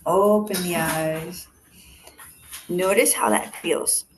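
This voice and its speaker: A woman leading a face yoga class over a video call, giving calm step-by-step cues and counting breaths. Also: lowish voice, slow. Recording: video call audio with faint background noise.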